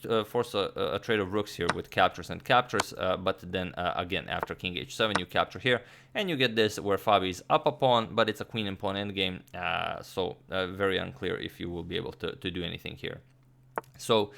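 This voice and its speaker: Deep, gravelly male chess commentator. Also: pushed and bright, a little hiss or hum. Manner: frequent filler uhs and restarts, explanatory. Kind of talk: chess game analysis.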